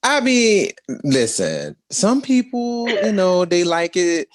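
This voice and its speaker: A man co-hosts a casual chat podcast, sassy and colloquial, throwing in "honey" as he reacts. His voice swoops up and down with lively energy. The sound is dry and close. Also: high-pitched, takes it slowly, no echo. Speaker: podcast co-host.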